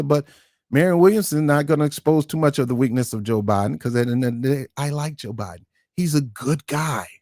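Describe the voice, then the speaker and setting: A man's voice: mid-range voice, darkish tone, no echo, studio quality. A man hosting his own online show, giving ranting political commentary in an emphatic, confrontational way and repeating words for stress. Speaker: YouTube commentary host.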